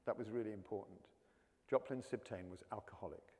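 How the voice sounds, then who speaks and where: A man's voice: lowish voice, a little fast, darkish tone, husky. A man from South London with a near-RP English accent, an actor talking in an anecdotal, chatty way during an onstage conversation with an audience, often repeating words as he restarts. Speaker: actor, interview guest. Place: college lecture hall. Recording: long hall reverb.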